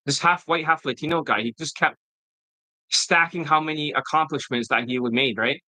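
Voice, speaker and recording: Bright, combative male dating coach. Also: a little high, normal speed, no room sound, low-quality recording. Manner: profane, combative, mocking. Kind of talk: casual ranting monologue.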